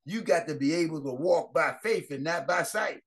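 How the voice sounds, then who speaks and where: Male pastor, fervent prayer-line sermon, rather high voice, repeats and restarts phrases. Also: moderate pace, breathy edge. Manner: fervent preaching with repeated exclamations and rising emphasis.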